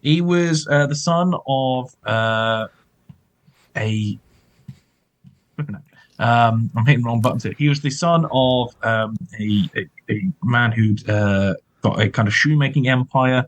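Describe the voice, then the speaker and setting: A man's voice: mid-range voice, slow pace, dry recording, low-quality recording. A man chatting casually about film history as a podcast co-host, rambling with lots of fillers and hedges.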